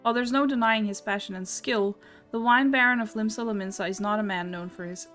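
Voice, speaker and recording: A woman reading a game townsperson's dialogue aloud in a measured, storytelling way. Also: mid-range voice, fairly bright tone, faint music behind, lightly acted. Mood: wistful.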